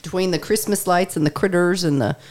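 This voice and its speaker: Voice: medium pitch, brisk, a little mellow. A podcast host in casual chat who talks in a chatty, teasing way with a guest.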